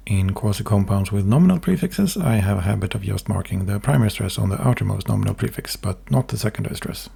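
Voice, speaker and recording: A man giving a careful, measured, scripted explanation in a lecturing manner. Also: on the low side, gravelly, mellow, slightly rough. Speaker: language hobbyist presenter.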